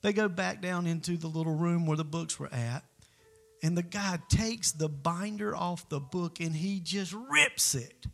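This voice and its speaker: A male preacher delivers sermon storytelling in an earnest, conversational manner. His voice sits slightly high and carries a gravelly fry. Soft instrumental music plays faintly underneath. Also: unhurried.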